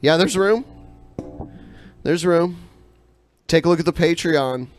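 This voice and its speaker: A man hosting a live podcast, reading viewer messages aloud with casual fillers and pauses between them. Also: a little high, soft background music. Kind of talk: casual live-stream chat. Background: panel of co-hosts.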